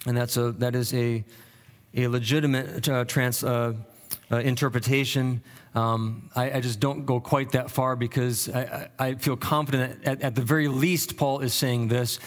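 A man's voice: medium pitch, level tone, moderate pace. A pastor preaching an expository sermon, earnest and thinking aloud, often repeating words and lifting his voice to stress key phrases.

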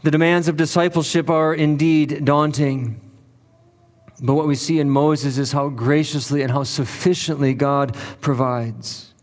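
A man's voice: a little high, steady tone, measured pace, big-room sound. A male pastor preaching a sermon in an earnest, emphatic way, leaning on repeated phrases for weight.

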